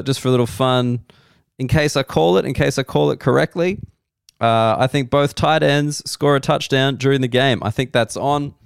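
An Australian man in his thirties rambles through a solo comedy podcast in a wry, self-deprecating way. His voice sits at an ordinary pitch and is smooth and clear. The studio sound is dry and close. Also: no room sound.

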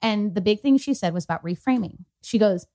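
A woman's voice: medium pitch, brisk. Young woman podcast cohost, casual storytelling, lots of "like" and "she goes". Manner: animated storytelling, quoting others, filler-heavy. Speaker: podcast co-host. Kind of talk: casual chat.

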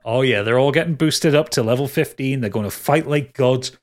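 Closing out the episode, this game master and podcast host talks a little fast in a mid-range voice. His outro and plugs are casual and rambling, peppered with laughter and offhand swearing.

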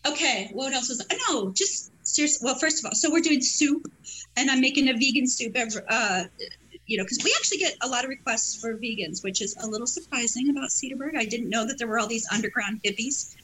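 A woman's voice: fairly high pitch, quick pace, fairly bright tone, a little hiss or hum, rough recording. A middle-aged woman chatting as a guest on a local talk show, bubbly and rambling, laughing often. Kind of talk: lively casual chat.

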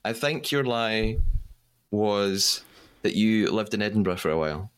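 A man's voice: lowish voice, smooth. A man hosting a podcast, chatting playfully with a guest. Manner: chatty, playful, quick to laugh. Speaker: podcast host. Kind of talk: casual interview chat.

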